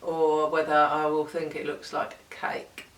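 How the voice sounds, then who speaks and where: A woman's voice: deep voice, monotone, a little slow. A middle-aged woman, chatting casually and self-mockingly with her daughter at home. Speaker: vlogger's mother, guest. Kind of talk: casual chat. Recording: roomy sound, mic at a distance.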